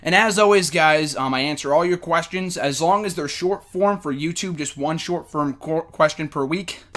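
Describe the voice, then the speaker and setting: An excited man hosts a fan question show in a loose, rambling way, still out of breath. His voice sits high for a man, and he swears casually as he talks. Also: moderate pace. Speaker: host.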